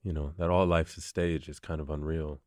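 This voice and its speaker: A man's voice: very deep voice, level tone, fairly quick, a little mellow, no echo, clean studio sound. A man hosting a podcast, reflecting aloud and telling a story in short, emphatic phrases. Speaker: podcast host. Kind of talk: casual conversation.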